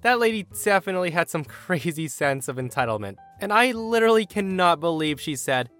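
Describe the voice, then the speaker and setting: A man reading an online story aloud in an animated, emphatic way. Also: fairly high pitch, brisk, hardly any pauses, soft background music. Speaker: story narrator.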